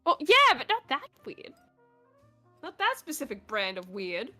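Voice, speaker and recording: A woman chatting casually on a livestream, blunt and quick to swear, laughing between remarks. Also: sits high, huge pitch swings, sharp tone, soft background music. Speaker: stream guest.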